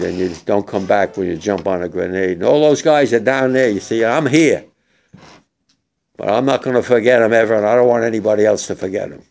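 Older man, gravelly and emotional. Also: on the low side, a little mellow. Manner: emotional, halting, emphatic. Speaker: war veteran speaker. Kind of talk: memorial speech to students.

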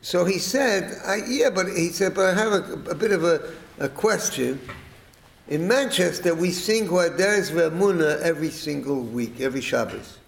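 A man's voice: high-pitched, moderate pace, vocal fry, echoey room, rough recording. Middle-aged man telling a rambling anecdote. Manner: rambling, animated, acts out quoted speech and chanting. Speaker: storyteller. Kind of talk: telling a family anecdote to listeners.

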